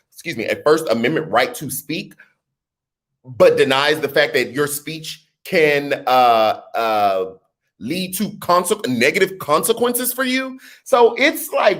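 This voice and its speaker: A middle-aged man with a New Orleans accent, talking casually to camera about politics, with lively rhetorical questions and teasing asides. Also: mid-range voice. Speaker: political commentary vlogger. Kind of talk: casual explainer vlog.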